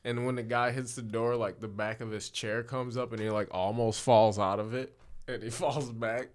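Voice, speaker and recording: A Chicago man in a casual podcast chat, spinning a long story full of swearing and filler words. His voice sits at a middle pitch, and he laughs through his own telling. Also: fairly even intonation, moderate pace. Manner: rambling, profane, laughs while telling. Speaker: comedian podcast co-host.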